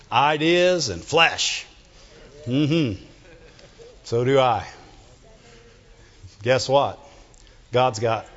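A middle-aged male pastor preaching a sermon, animated and joking, often asking the congregation for amens. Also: medium pitch. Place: church. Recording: dull sound with long hall reverb.

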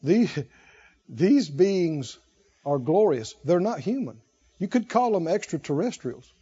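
Very high-voiced exhorting male preacher. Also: a little slow, breathy edge, highs cut off. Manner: animated, exhorting, laughs often. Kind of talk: sermon.

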